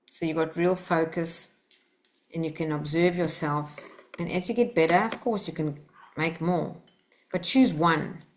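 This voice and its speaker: An Australian woman leads a live workshop, gently coaching the group and acting out phrases they can say to children. Her voice is low and her pace measured.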